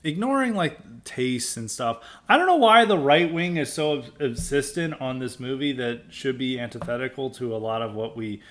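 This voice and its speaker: A man's voice: mid-range voice, lively intonation, normal speed, hardly any pauses, fairly bright tone. A man hosting a podcast, giving a blunt, opinionated monologue that rambles with many restarts and filler words. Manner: dismissive and blunt. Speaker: podcast host.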